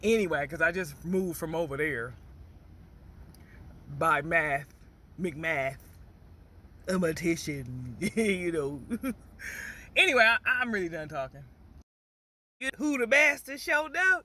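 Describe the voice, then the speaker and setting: A man's voice: fairly high pitch, animated, takes it slowly, long pauses, pushed and bright. A man from Michigan rambling and cracking puns in a casual monologue, often asking "you hear me?" and talking from a moving car. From Battle Creek, Michigan. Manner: punning, joking, keeps asking "you hear me?", bursts of laughter. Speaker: vlogger.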